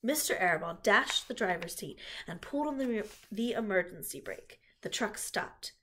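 A woman reading a children's book aloud in an expressive storytelling manner, with a husky voice. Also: mid-range voice, moderate pace. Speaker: reader.

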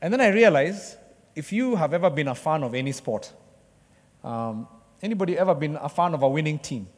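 A man preaching a sermon to a church congregation, joking with the crowd and acting out excited sports fans. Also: on the high side, brisk. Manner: lively, jokes with the congregation, acts out excited fans. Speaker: pastor. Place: church hall. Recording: long hall reverb.

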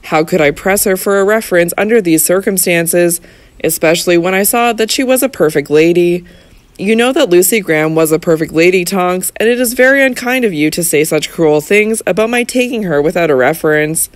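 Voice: medium pitch, brisk, no echo, close to an everyday voice. An audiobook narrator voicing an older schoolmistress who sounds embarrassed and defensive. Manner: apologetic, reproachful.

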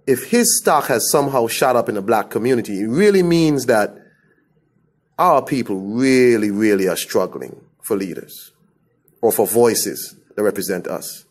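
A man from the Caribbean giving a blunt, scornful opinion rant to camera. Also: medium pitch. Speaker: commentator.

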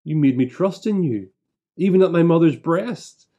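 A male minister with a somewhat higher voice leads a broadcast church service. He prays and reads scripture in a measured, solemn way, pausing deliberately between phrases. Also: animated, dark tone, dull audio. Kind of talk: leading prayers and reading scripture aloud.

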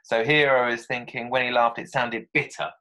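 A man's voice: medium pitch, steady tone, normal speed, bright, forceful tone. A man teaching a children's writing lesson from home, thinking aloud as he drafts and chatting to pupils. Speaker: primary school teacher.

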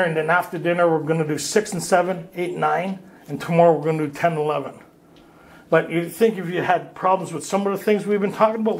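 In a retreat meeting room, a man with a high voice, carrying a slight hiss or hum, addresses a recovery workshop group. He tells his story candidly, blunt and streetwise, laughing at himself along the way.

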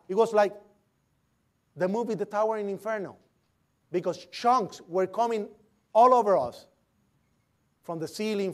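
A man's voice: sits high, darkish tone. A man giving an eyewitness account as vivid storytelling, imitating the sounds and voices he heard. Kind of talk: recounting a personal account.

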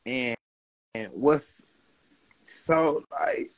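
A man's voice: a little high, expressive, a little slow, a bit bright, poor audio. A man chatting casually on a livestream, laughing often and reading viewer comments aloud in a loose, rambling, profane way.

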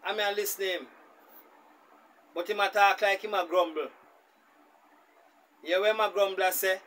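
A Jamaican man with a high-pitched voice tells a story as a reaction-video host. He talks in an animated way, with faint noise behind him. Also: moderate pace, long pauses, poor audio. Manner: animated, speaks in Jamaican Patois. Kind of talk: storytelling commentary.

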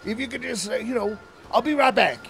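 A man's voice: extremely high pitch, brisk, creaky, a bit bright. A man streaming a game, rambling and stammering through jokey commentary. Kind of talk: casual gameplay commentary.

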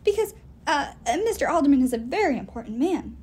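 Woman doing a jumpy little elf servant girl, squeaky and flustered. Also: sing-song, a little fast, darkish tone. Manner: high, flustered, eager. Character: nervous young female elf servant.

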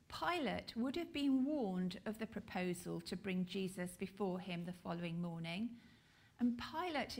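A woman with a British accent preaching a sermon, slow and deliberate with emphatic pauses. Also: medium pitch, vocal fry.

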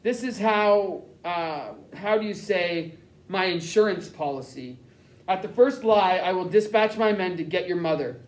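A stern, cold German-speaking officer in an audiobook, clipped and crisp with quiet menace, as a man reads him. The voice sits high, and the room around it is echoey. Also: measured pace. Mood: menacing. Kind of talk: audiobook character reading.

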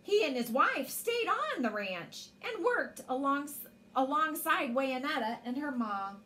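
A woman reading a bedtime story aloud with an expressive storyteller's manner. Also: high-pitched, measured pace, slight background noise.

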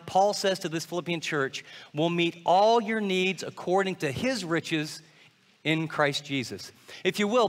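A man's voice: high-pitched, fairly bright tone, in a large hall. A man preaching a sermon, acting out his listeners' doubts in quoted asides. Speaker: pastor.

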